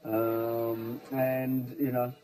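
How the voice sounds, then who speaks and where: An actor from Australia with an Australian accent, chatting easily as a talk show guest and laughing at himself. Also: male voice, mid-range voice, monotone, drawn-out words, mellow, low-quality recording. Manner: easygoing, laughing, self-deprecating. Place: TV studio with live audience.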